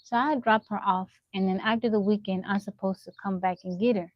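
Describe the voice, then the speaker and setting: A woman's voice: medium pitch, a little fast, no room sound, muffled recording. Chatty woman streamer telling stories. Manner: animated storytelling, laughing often, talking to chat. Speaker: livestreamer. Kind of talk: casual live-stream chat. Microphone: phone.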